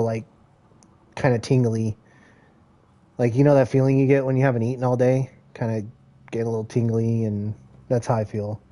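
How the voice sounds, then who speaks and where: A man's voice: mid-range voice, mellow. A man chatting casually while playing a video game, joking, rambling and laughing a lot. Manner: easygoing, rambling. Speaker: gamer. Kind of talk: casual gameplay chat.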